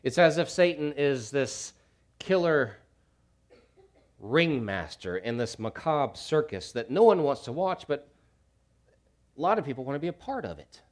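Preacher, man, mid voice; dynamic sermon, quiet to shouting, dry humor. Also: medium pitch, very animated, measured pace, long pauses. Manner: dynamic, swings from hushed to loud shouts. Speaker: pastor.

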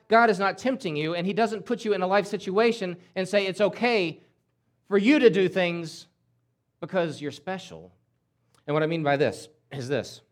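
A man preaching a sermon in an emphatic way, often repeating words and acting out quoted voices. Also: high-pitched. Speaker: pastor.

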